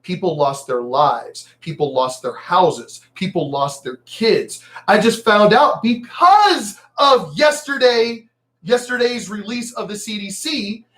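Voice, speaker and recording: Male vlogger, high voice, angry swearing rant, mocking and emphatic. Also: animated, takes it slowly, a bit bright. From El Paso, Texas. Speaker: vlogger ranting on news. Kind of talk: profane political rant.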